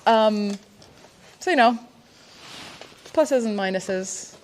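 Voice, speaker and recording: A woman's voice: medium pitch, drawn-out words, a little hiss or hum. Enthusiastic woman explaining riding gear. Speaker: riding instructor. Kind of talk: explanatory casual chat.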